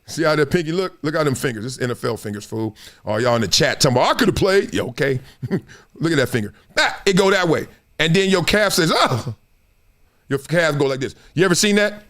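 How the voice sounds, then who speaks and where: A man hosting a sports talk stream in a casual, slangy, animated way, laughing often. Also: a little high, quick pace. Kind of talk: casual live-stream commentary.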